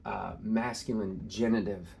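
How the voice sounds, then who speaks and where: A man teaching an informal screen-share lesson in a relaxed way, with many filler sounds, slowing down to stress key terms. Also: on the low side, gravelly, a little hiss or hum.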